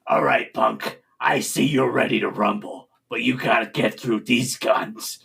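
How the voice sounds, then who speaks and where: A man voicing a brawny, boastful male fighter in a tabletop game, in a gruff, low voice. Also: animated, measured pace, fairly bright tone, heavily acted. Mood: taunting.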